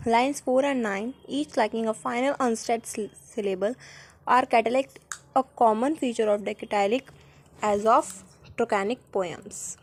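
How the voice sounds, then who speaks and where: A woman with a slightly high voice reads a textbook passage on meter aloud. She halts over page numbers and poem titles and restarts words that trip her up. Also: unhurried. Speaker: student reader. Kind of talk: reading a poetry textbook aloud.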